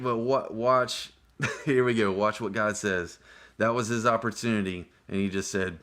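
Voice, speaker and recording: A man's voice: mid-range voice, unhurried, bright, forceful tone. A man teaching a casual Bible study, talking in a conversational, earnest way with frequent exclamations.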